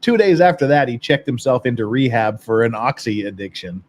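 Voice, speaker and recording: A man's voice: mid-range voice, expressive, a little fast, darkish tone. A man hosting a podcast, casually reading and reacting to viewer comments in a rambling, blunt way, with frequent swearing and laughter. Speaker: podcast host.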